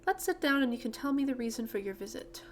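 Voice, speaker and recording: A woman's voice: a little high, expressive, fast, slight background noise, pitched above the performer's own voice, close to an everyday voice, rough recording. A woman voicing a kindly, chatty lady in a game with a put-on British accent. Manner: gentle and chatty. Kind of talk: reading game dialogue aloud.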